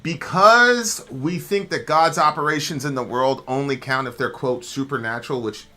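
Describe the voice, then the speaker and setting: A man co-hosting a reaction video, talking about faith with conviction in a casual way. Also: moderate pace. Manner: animated storyteller, jumps high to act out characters; talks theology with conviction. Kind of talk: casual chat.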